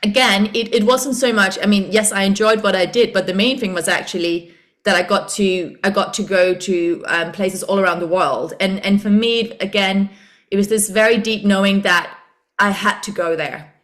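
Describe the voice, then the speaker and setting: A woman hosting a podcast interview in a casual, animated way, laughing often and acting out her inner voices. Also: medium pitch, normal speed. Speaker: podcast host.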